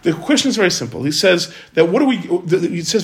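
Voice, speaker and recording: A man giving an informal Torah class, talking quickly with many restarts and Hebrew and Yiddish terms mixed into his English. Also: sits high, big pitch swings. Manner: rapid, repeats and restarts words, sprinkles Hebrew and Yiddish terms. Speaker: Torah teacher.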